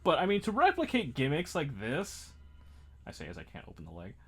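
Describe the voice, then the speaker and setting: A man's voice: fairly high pitch, wildly swooping pitch, fairly quick, a bit bright, husky. A man hosting a casual livestream while building a model kit. He rambles, mocks himself and laughs often.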